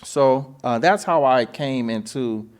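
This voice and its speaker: Animated man telling his own story. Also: mid-range voice, takes it slowly. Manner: animated, acts out phone calls in voices, swears. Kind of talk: casual storytelling.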